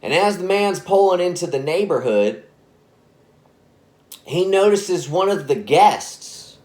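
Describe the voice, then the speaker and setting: A man telling a spooky story in a casual, rambling way, often correcting himself. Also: a little high. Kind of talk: spoken scary story narration.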